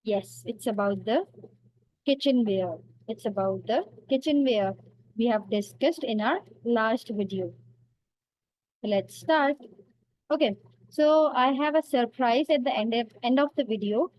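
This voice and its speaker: A woman teacher running a vocabulary quiz, asking questions and praising answers in a slow, drawn-out, patient way. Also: a little high, darkish tone. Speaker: language teacher.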